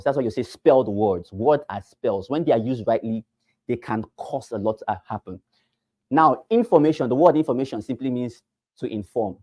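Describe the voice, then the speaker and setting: Nigerian male trainer, mellow dark tone, dry close sound, drills points by repeating them. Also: mid-range voice, no room sound. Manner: repeats phrases and asks the class rhetorical questions. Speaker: real estate trainer. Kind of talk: teaching a class.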